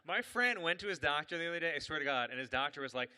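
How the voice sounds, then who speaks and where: Male comic host, animated and self-mocking, very bright, lively pitch. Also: rapid-fire, few pauses, smooth, big-room sound. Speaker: comedian and event host. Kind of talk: live stand-up storytelling.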